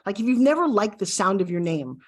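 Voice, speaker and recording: A woman's voice: mid-range voice, very animated, fairly quick. A middle-aged woman teaching a video course, speaking in an upbeat coaching style straight to the viewer. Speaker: course instructor.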